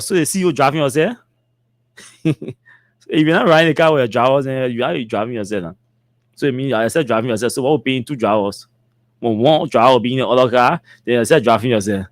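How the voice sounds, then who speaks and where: A man's voice: medium pitch, quick pace, no room sound, clean studio sound. A man with a Liberian English accent hosting a talk show, reading out social media comments with mocking asides and laughter. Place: studio.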